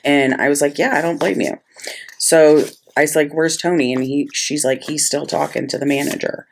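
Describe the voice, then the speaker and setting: A woman's voice: sits low, steady tone, normal speed, gravelly, a little hiss or hum. A middle-aged woman casually telling a story while she plans, chatty and exasperated. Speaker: planner vlogger.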